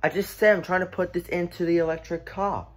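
A man's voice: sits high, steady tone, fairly quick. A young man playing a confused driver in a comedy skit, flustered and whiny, stammering as he talks.

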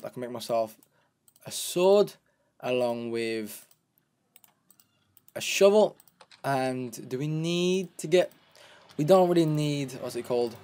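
A man's voice: medium pitch, a little mellow, clear, resonant tone. Chatty man narrating his gameplay. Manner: chatty, narrates each step, counts aloud. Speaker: gameplay commentator. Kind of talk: casual let's-play commentary.

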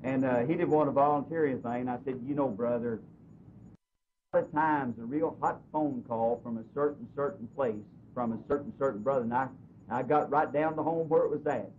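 A man preaching in a church, telling a personal story earnestly, his voice swinging between loud and soft. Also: fairly quick. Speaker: pastor. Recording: dull lo-fi recording with faint hiss and rumble.

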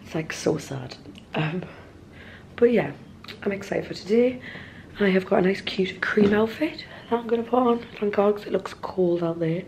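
A young woman chatting excitedly to camera in a casual vlog, giggly and talkative. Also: medium pitch, normal speed, gravelly, a little hiss or hum. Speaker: vlogger.

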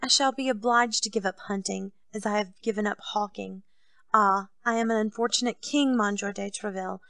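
A woman's voice: mid-range voice, steady tone, normal speed, vocal fry, a bit bright, no room sound. A woman reading an audiobook, voicing a grown king who complains and grows indignant, his voice raised above her narration. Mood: complaining. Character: petulant, self-pitying king, grown man.

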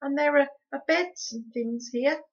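A woman reading aloud as an eager young boy who trips over his words. His voice is raised, urgent and somewhat high. The recording is dull and lo-fi. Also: measured pace. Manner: eager, stammering.

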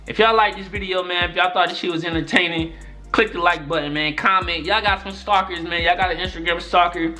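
A young man telling a story-time vlog in an exasperated, profane, animated way. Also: sits high, brisk, faint music behind. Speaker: YouTuber.

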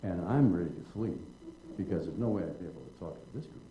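An older man with a low, very dark and mellow voice spins a wry, digressive story on stage. He slips into the voices of the people he describes. The sound carries a roomy hall echo. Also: lively intonation, fast talker, a little hiss or hum. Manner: wry, digressive storyteller who acts out quotes. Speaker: guest writer in public conversation. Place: auditorium at a public event.

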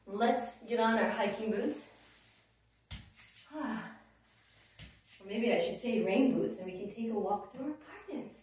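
A woman's voice: on the high side, unhurried, pauses often, a little mellow, slight background noise. A woman teaching a children's yoga class, leading it with playful sing-song chants. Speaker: kids yoga instructor. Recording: echoey room from far off.

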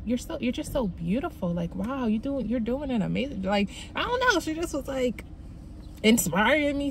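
A young woman chats to the camera in a relaxed, laughing vlog style, dropping y'all and child along the way. Her voice sits at an ordinary middle pitch, and a soft hum of a car runs faintly behind her. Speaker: vlogger, foster mom. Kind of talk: casual vlog chat.

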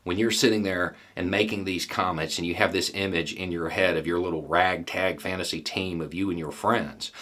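A middle-aged man giving a solo commentary monologue, blunt and folksy, pressing rhetorical questions between deliberate pauses. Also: low-pitched, fairly even intonation, pushed and bright. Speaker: political commentator.

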